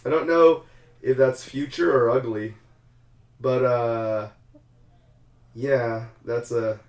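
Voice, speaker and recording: A man hosting a podcast, chatting casually about gaming news with relaxed, rambling delivery. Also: medium pitch, takes it slowly, roomy sound. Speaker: podcast host.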